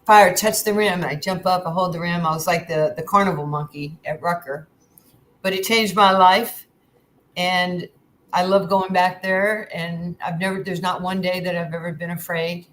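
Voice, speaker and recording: A woman's voice: lowish voice, a little hiss or hum, poor audio. A woman in her sixties from New York, a guest telling candid stories in casual chat and acting out the dialogue. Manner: lively, candid storyteller acting out quoted dialogue. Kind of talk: casual storytelling.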